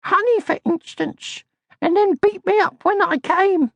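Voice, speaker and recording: A man voicing a tiny, fierce, scheming creature girl in an audiobook, with a sly, high voice. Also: measured pace, vocal fry, no echo, lo-fi sound, exaggerated voice. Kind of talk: audiobook character voice.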